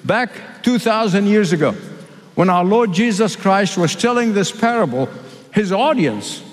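A man from the Middle East preaching a sermon, emphatic and repeating key phrases, slowing down for weight. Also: sits high, animated. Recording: reverberant hall.

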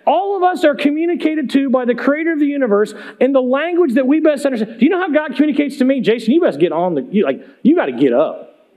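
Man, very high voice, pastor, emphatic casual preaching, rhetorical questions. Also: darkish tone. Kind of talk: sermon. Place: church sanctuary.

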